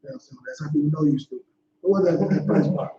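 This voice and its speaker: A man with a high-pitched voice explains scripture in a relaxed, slangy way, filling gaps with "you know what I'm saying." The sound is dull, in an echoey room. A low hum sits behind him. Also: very fast. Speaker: Bible study leader. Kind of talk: casual scripture teaching. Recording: dull echoey livestream audio.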